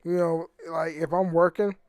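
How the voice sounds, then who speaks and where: A young man with a fairly high voice rambles through his own podcast, swearing freely and tripping over repeated words. The sound is close and dry, with no room around it. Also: level tone, normal speed, a little mellow, smooth, no echo. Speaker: podcast host. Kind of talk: rambling casual monologue.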